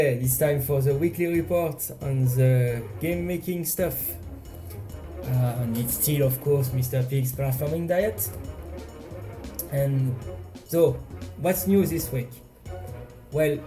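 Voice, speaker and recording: A man with a French accent casually narrating his indie game devlog, self-deprecating and halting with frequent restarts. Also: a little high, warm tone. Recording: faint game music behind.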